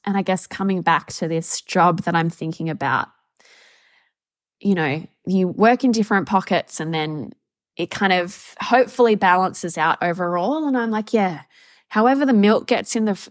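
A young woman hosting a solo podcast, reflecting in a soft, halting, heartfelt way as a mother. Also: mid-range voice, dry recording, clean studio sound. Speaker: podcast host.

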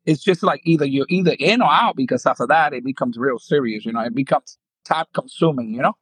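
A man's voice: medium pitch, quick pace, husky, dry recording, rough recording. A man in his fifties from the Dominican Republic with a New York accent, a former ballplayer animatedly telling stories in an interview and acting out quotes. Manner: animated storyteller, acts out quotes, laughs often. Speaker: former pro baseball player, guest. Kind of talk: storytelling interview.

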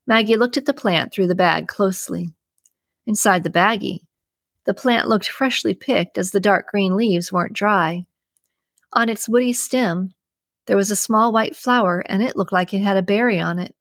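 A woman's voice: medium pitch, moderate pace, dry recording. Woman narrating a story, dry close sound. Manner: steady storytelling. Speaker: audiobook narrator. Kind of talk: scripted narration.

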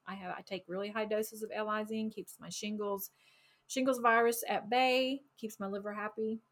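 A woman co-hosts a relaxed health conversation in a plain middle-pitched voice. She sounds enthusiastic and breaks into quick exclamations. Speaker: podcast co-host. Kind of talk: casual health chat.

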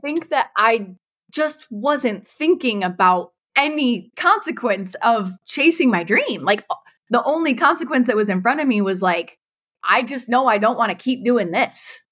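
A woman's voice: on the high side, expressive, unhurried, a bit bright. A woman in her thirties, a guest on a podcast, talking candidly about her business and laughing often. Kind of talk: casual interview chat.

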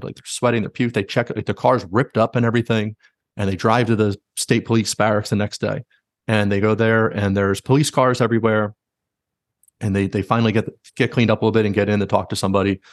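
Speaking briskly in a voice on the low side, a man hosts a podcast and recounts stories with lots of energy, peppering them with "like." The studio sound is clean, with no room sound.

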